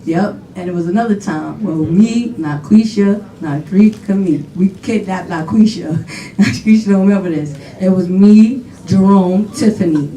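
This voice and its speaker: A woman's voice: mid-range voice, normal speed. New woman telling funny stories at a funeral, lots of quoting, echoey room, mic far away. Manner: animated, laughing storytelling with quoted dialogue. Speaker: daughter giving a eulogy. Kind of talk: storytelling eulogy at a funeral. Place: funeral home chapel. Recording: echoey hall, voice from far off, faint noise.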